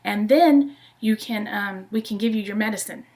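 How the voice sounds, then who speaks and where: A woman's voice: mid-range voice, normal speed, darkish tone, close to an everyday voice. A woman voicing Little Red, a sweet, earnest young girl. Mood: caring.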